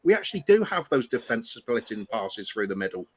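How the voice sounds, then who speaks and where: A man in casual chat, talking with many pauses and restarts. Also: medium pitch, very animated. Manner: halting, many ums and restarts.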